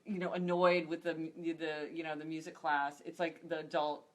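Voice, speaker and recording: A woman with a fairly low voice for a woman, acting as the interviewer in a relaxed conversation. She is chatty and jumps in with quick remarks. Her speech is full of casual fillers. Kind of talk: casual chat.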